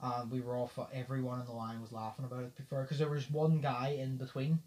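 A young man, hosting a podcast and telling a profane, lively story in casual chat. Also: mid-range voice, fast talker. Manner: profane, lively anecdote-telling with frequent laughs. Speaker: podcast host.

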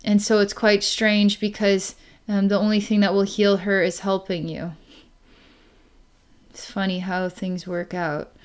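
Woman, psychic reader, narrating a session, rambling, fillers and restarts, smooth resonant voice. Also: mid-range voice, level tone, a little slow. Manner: breaks into light laughs.

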